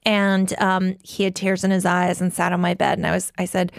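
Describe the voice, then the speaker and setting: Gravelly, blunt woman in her forties. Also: mid-range voice, steady tone, no echo, clean studio sound. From New York. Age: 40s. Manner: blunt and profane, talking in quick run-on bursts with many "like"s. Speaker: guest. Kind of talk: candid personal storytelling in conversation.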